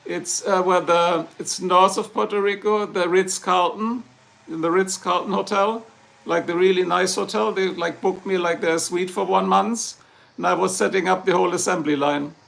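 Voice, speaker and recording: A German man hosting a laid-back livestream chats with his viewers, answering their comments in a jokey, rambling manner with a German accent. The voice is high-pitched and fairly bright, with fairly even intonation, normal speed, and vocal fry.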